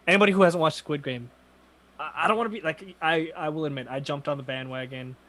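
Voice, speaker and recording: A young man co-hosting a podcast, chatting casually, bluntly swearing and telling animated stories. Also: a little high, fast talker. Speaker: podcast co-host. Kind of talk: casual chat.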